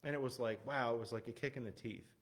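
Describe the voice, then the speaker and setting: A fast-talking man with a medium pitch, a missionary pastor, is a guest speaker in a church. He tells personal stories casually, restarting often, using plenty of fillers, and laughing at himself. The audio comes from a glitchy, unstable internet stream of the service.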